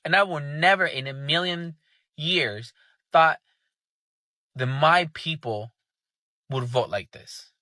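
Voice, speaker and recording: A man's voice: a little high, slow, long pauses, pushed and bright, no room sound. A man ranting angrily and sarcastically, swearing heavily in casual commentary. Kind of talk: angry profane rant.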